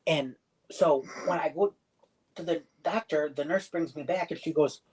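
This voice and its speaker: A man's voice: a little high, moderate pace, a little mellow, husky, poor audio. A young man telling a personal story in casual livestream chat. He rambles, circles back, restarts sentences and acts out other people's lines.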